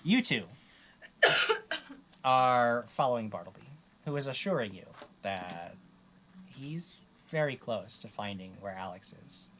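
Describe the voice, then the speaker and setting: A man's voice: mid-range voice, expressive, unhurried, pauses often, a bit bright, slight background noise. A man as game master, narrating a tabletop game in an easygoing way with many fillers.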